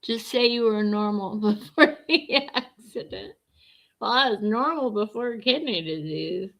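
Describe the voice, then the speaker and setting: A woman's voice: fairly high pitch, animated, unhurried, a bit bright. A middle-aged woman livestreaming, chatting bluntly and answering her viewers' comments as she goes. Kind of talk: casual livestream chat.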